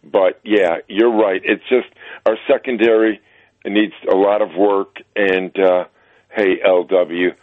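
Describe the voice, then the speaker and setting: A man calling in to a radio show, halting and stumbling through what he says. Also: lowish voice, steady tone, dry recording. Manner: halting, stumbling, with many fillers. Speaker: caller. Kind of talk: call-in talk. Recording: tinny phone line.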